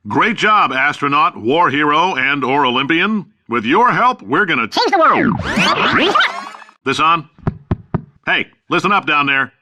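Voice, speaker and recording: A man's voice: a little high, very animated, unhurried, long pauses, bright, forceful tone, full character voice. An actor playing a brash, boastful middle-aged company boss with sarcastic salesman's patter in a video game. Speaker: company founder and CEO.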